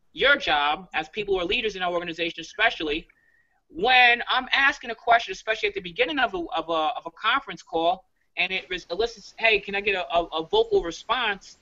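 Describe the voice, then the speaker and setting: A man from New York coaching his team on a video call, talking quickly and emphatically and checking in with "all right?" again and again. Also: sits high, bright, forceful tone, highs cut off. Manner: fast, emphatic, repeats "all right?" often. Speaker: leadership coach.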